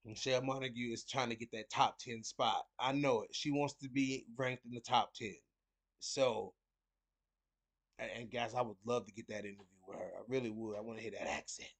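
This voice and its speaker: A man's voice: mid-range voice, steady tone, fairly quick. A man hosting a casual fight preview, rambling and repeating words with lots of fillers. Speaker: host of a fight picks show.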